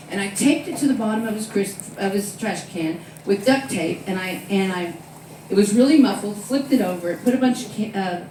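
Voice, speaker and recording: A woman's voice: medium pitch, recorded from a distance, slight background noise. A woman in her sixties with a drawl works a comedy club stage, acting out the quotes in her stories. The sound is very echoey, and she seems a bit away from the mic. A faint room murmur hangs behind her. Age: 60s. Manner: animated storytelling with loud acted-out quotes. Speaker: stand-up comedian. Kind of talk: stand-up comedy set.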